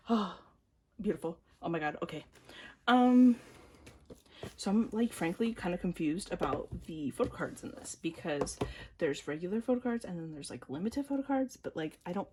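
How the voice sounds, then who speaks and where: Excitable woman with a lively, low-set voice. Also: normal speed, a little hiss or hum. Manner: excitable, gasps and squeals often; drops to quiet mumbles between outbursts. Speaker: vlogger unboxing albums. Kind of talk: casual chat to camera.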